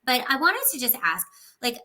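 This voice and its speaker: Woman host, bright kinda sharp voice, gushy and excited, talks right to the audience. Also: high-pitched, normal speed, rough recording. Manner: gushing, enthusiastic, talks with her listeners directly. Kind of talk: casual interview.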